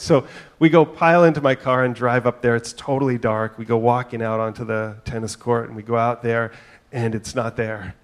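A man's voice: medium pitch, fairly even intonation, moderate pace. Conversational middle-aged male pastor preaching. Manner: conversational, storytelling with asides and filler "right?". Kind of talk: sermon.

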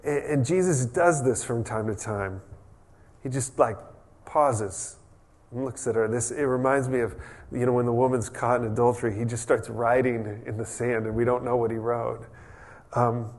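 A man preaching a conversational sermon as a pastor, relaxed and chatty, restarting sentences and adding humorous asides. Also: mid-range voice, normal speed.

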